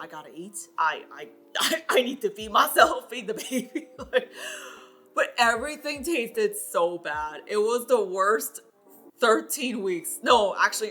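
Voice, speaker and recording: A young woman talks straight to the camera in a loose, chatty vlog style. She fills her talk with fillers and laughs often, in a bright voice at a middle pitch. Faint music plays behind her. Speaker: vlogger. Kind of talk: casual chat to camera.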